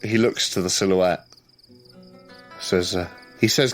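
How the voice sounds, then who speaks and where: Low-voiced man running a tabletop game. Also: fairly even intonation, measured pace, soft background music. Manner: casual, hesitant, many restarts and fillers. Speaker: game master. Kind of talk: narrating a tabletop horror game.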